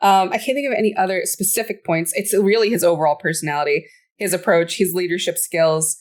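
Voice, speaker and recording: Give me an animated woman podcast co-host. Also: on the low side, brisk. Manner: animated, acts out quotes with laughter. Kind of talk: casual chat.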